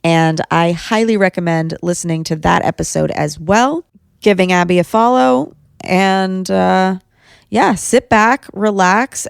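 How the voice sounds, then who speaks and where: A woman hosting a podcast, chatting in a bubbly, chatty way that is quick to laugh, recorded in a studio. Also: on the low side, gravelly, clear, resonant tone, no echo. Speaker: podcast host. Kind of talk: casual chat.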